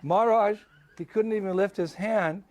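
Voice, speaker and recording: A man voicing a group of worried, amazed devotees, exclaiming in a raised, excited voice. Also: sits high, normal speed, voice pushed up, natural voice.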